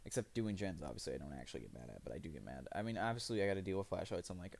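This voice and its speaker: A man narrates his own game live, rambling and cursing while laughing at his own mistakes. His voice sits low with a rough, fry-heavy grain. The pitch leaps around a lot as he reacts. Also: sing-song, racing, few pauses. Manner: rambling, profane, self-mocking. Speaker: streamer. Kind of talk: live gameplay commentary.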